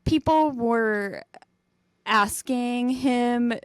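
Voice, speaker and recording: A young adult woman co-hosting a podcast, telling stories in a lively way and laughing as she goes. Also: on the high side, very slow, clean tone, no echo. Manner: animated storyteller, laughs mid-sentence. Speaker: podcast co-host. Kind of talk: casual chat.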